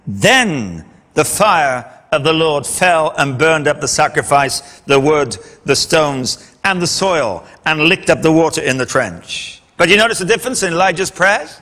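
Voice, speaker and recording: A man's voice: fairly high pitch, lively intonation, unhurried, sharp tone, big-room sound. A man preaching a sermon, retelling a scripture story with dramatic emphasis.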